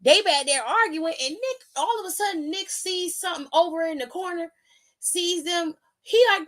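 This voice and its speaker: A young woman with a high voice tells the story in a loose, slangy way and acts out the quotes as she goes. Her pitch swings widely from line to line, and she sounds like a show host talking straight to her viewers. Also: expressive, unhurried, sharp tone. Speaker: wrestling show recap host. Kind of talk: animated casual recap.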